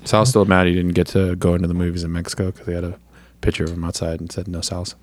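A man's voice: low-pitched, little pitch movement, fast talker, darkish tone. A man co-hosting a casual podcast chat, joking and profane. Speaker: podcast co-host.

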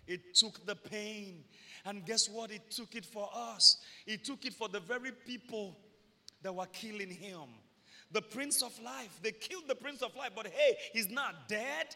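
A Nigerian man preaching a sermon as pastor, animated, shouting at peaks and slipping in humorous stories. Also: high voice, unhurried, gravelly, in a large hall.

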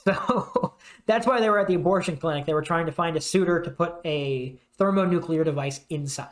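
Slightly higher-voiced guy on a gaming podcast, rambly and animated in the retelling. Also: a little fast. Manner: rambling retelling with acted-out quotes. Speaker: podcast co-host. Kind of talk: casual game discussion.

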